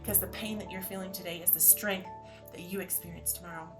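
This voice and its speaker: A woman's voice: fairly low pitch, fairly even intonation, fast, over loud music. Effusive encouraging woman podcast host. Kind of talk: motivational podcast monologue.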